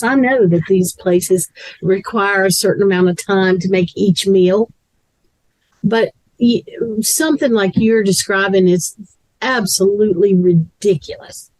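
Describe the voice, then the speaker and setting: A woman's voice: medium pitch, a little mellow, dry recording, low-quality recording. A woman co-hosting a casual chat, blunt and opinionated in how she talks. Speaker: co-host.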